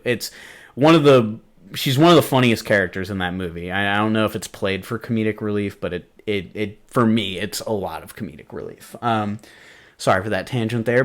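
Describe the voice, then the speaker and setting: A man hosting a podcast, rambling through a casual movie review with lots of fillers, laughs and swearing. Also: lowish voice. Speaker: podcast host.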